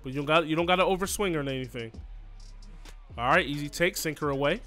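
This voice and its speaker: A man with a high, bright, forceful voice narrates his video game like a sportscaster, hyping up his players as plays unfold. Soft music runs under his talk. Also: fast, long pauses. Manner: excitable, cheers on his players, says "you know what I mean". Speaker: gaming YouTuber. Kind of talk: live play-by-play gameplay commentary.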